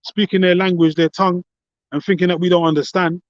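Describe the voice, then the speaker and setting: A man's voice: high voice, level tone, fairly quick, dry recording, muffled recording. A man with a London accent in a casual religious discussion, talking fervently and often saying "man" and "you know". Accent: London English. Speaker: co-host.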